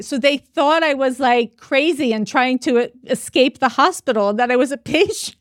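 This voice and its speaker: A woman hosting a podcast, chatting casually and telling stories with lively acted-out quotes. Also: high voice, a little fast, hardly any pauses, no room sound, studio quality. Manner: animated storytelling, acts out quoted voices. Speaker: podcast host. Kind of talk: casual chat.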